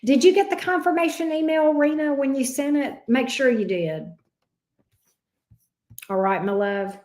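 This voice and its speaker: A woman's voice: high voice, measured pace, darkish tone. Woman, Southern drawl, casual livestream chat, affectionate pet names, echoey room. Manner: chatty, uses endearments like babes and love bug. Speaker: tarot reader livestream host.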